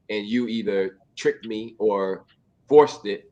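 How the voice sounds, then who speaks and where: A man's voice: on the low side, slow pace, warm tone. A man hosting a casual relationship talk show, playful and acting out examples. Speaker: host and relationship author. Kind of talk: casual podcast chat.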